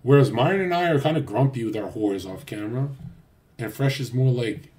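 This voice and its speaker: A man's voice: mid-range voice, animated, a little fast, darkish tone. A man livestreaming a casual rant, crude and boastful, swearing often and rambling loosely with restarts. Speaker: streamer.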